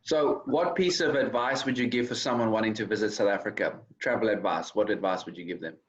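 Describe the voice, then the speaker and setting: Man firing quick interview questions. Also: on the low side. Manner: brisk, direct questioning. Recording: dull lo-fi recording.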